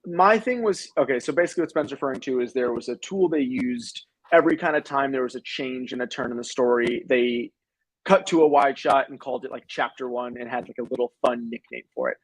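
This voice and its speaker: Man, young adult, film review co-host, casual chat, animated, dry close sound. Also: mid-range voice, brisk, husky, no echo, poor audio. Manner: animated, swears casually, acts out scenes.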